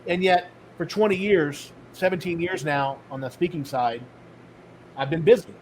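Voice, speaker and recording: Middle-aged guy on a podcast telling his story, acts out the dialogue, voice a bit high. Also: moderate pace, slight background noise, rough recording. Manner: animated storyteller acting out dialogue. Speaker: podcast guest, author and speaker.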